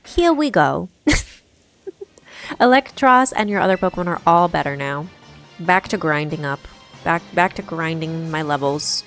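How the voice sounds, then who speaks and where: A woman's voice: sits low, expressive, unhurried, pauses often, fairly bright tone, faint music behind. A young woman streaming a game live, chatting casually and reading viewer messages aloud with frequent giggles. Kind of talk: casual live-stream chat while gaming.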